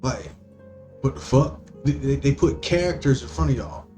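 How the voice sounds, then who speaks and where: A man's voice: mid-range voice, normal speed, warm tone, soft background music. A man hosting a podcast, ranting in a profane, rambling monologue full of stammering restarts. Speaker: podcast host.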